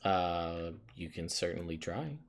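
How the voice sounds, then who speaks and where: A man narrating as game master of a tabletop game, halting and filler-heavy, often amused. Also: sits low, lively intonation, gravelly.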